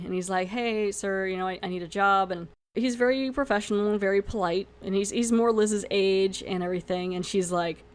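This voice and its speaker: A young woman hosting a podcast who animatedly retells a TV episode, acting out the lines and often laughing. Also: mid-range voice. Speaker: podcast host. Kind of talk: casual episode recap review.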